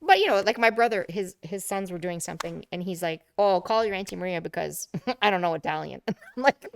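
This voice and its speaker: A woman's voice: fairly low pitch, lively intonation, fairly quick, gravelly. A middle-aged woman co-hosting a podcast in casual chat, chatty and laughing often, trailing off. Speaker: podcast co-host.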